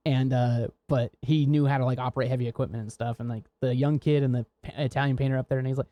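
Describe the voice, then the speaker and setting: A man's voice: medium pitch, steady tone, quick pace, no echo, highs cut off. An American man co-hosting a podcast, telling rambling, laughing, swear-filled work stories in casual chat. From United States. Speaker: podcast co-host.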